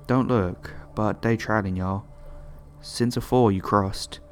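Old male food vendor, read by a man, wary and kind, speaks low and hushed with urgency; lowish voice, horror storytelling. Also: fairly even intonation, slow, soft background music. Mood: hushed warning. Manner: hushed, urgent whispering warning.

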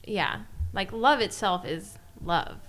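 A woman's voice: mid-range voice, animated, takes it slowly, fairly bright tone. A woman co-hosting a casual podcast chat, speaking hesitantly and often trailing off. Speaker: podcast co-host.

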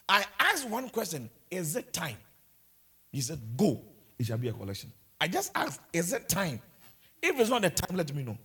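Male preacher, high raspy voice with gravelly fry, animated storytelling sermon delivery.

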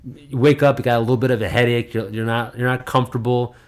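A man's voice: mid-range voice, fairly even intonation, quick pace. A man co-hosting a podcast, rambling in a laid-back casual chat and restarting his sentences often. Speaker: podcast co-host.

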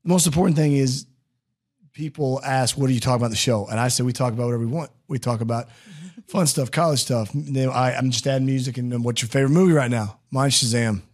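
A man's voice: mid-range voice, quick pace. A man hosting a casual podcast interview, joking, rambling and laughing often. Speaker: podcast host.

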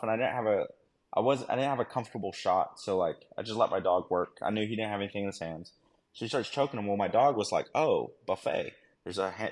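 A man, a former army dog handler, telling a war story on a podcast in a casual, slangy way full of fillers and "right?". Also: lowish voice. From United States.

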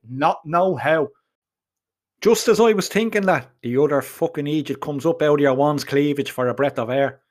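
Man, Dublin Irish accent, first-person audiobook narration, earthy slang, slightly high voice. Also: moderate pace. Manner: salty, earthy storytelling with swearing and local slang.

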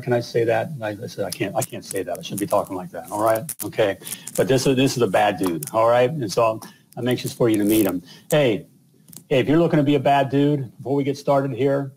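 A man's voice: medium pitch, darkish tone, a little hiss or hum, low-quality recording. A man, hosting a live show in casual, rambling talk full of fillers and repeated "all right?". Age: 50s. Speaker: podcast host.

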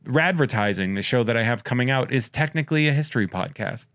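A man hosting a podcast, rambling and joking as he reads out listener shout-outs in casual chat. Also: mid-range voice, expressive, quick pace, dry recording, clean studio sound. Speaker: podcast host.

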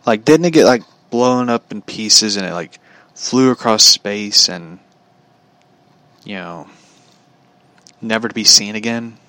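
A man's voice: lowish voice, measured pace, long pauses, bright, forceful tone, dry recording. A man telling a story in a casual, opinionated rant, swearing freely and laughing at his own anecdote.

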